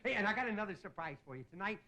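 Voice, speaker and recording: High, bright-voiced comedian host. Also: male voice, big pitch swings, racing. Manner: folksy, joking storyteller who chuckles at his own lines. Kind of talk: stand-up monologue. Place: TV studio stage before a live audience.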